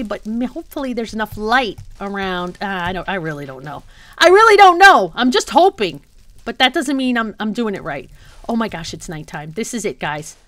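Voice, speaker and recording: A woman's voice: mid-range voice, a bit bright. A woman hosting a gaming channel, chatting her way through a Let's Play with hopeful, self-talking asides to her viewers. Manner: bursts into shrieks and laughter when startled.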